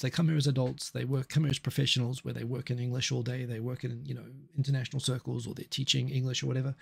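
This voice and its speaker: A man's voice: mid-range voice, gravelly, darkish tone, breathy edge. A middle-aged man from New Zealand hosting a casual live stream, chatting and reacting to viewer comments as they come in.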